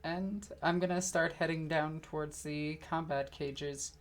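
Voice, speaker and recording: A woman playing a tabletop game, speaking in a relaxed, dry manner and sometimes in character. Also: sits low, a little slow. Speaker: player. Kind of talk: casual tabletop play.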